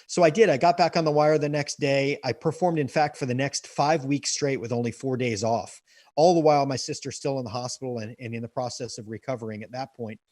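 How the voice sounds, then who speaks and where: A man's voice: mid-range voice, steady tone, a little fast, a little mellow, no echo, clean studio sound. An earnest man telling a personal story as an interview guest, often repeating words as he restarts sentences. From United States.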